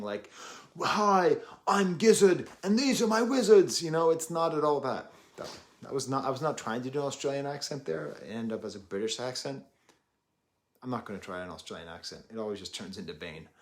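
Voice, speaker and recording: A man in his thirties reviewing an album, rambling and self-deprecating with jokey asides. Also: medium pitch. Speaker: music reviewer. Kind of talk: casual chat.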